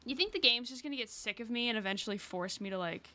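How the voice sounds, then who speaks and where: A woman's voice: on the high side, fast, pushed and bright. A woman streaming a cooking game, talking to herself in casual, exasperated commentary and swearing when things go wrong.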